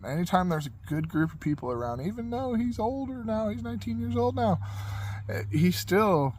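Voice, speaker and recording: A man's voice: sits high, animated, moderate pace, a little mellow, slight background noise. A man in his forties, a podcast host, telling a personal story in casual, rambling speech with fillers, restarts and frequent laughter.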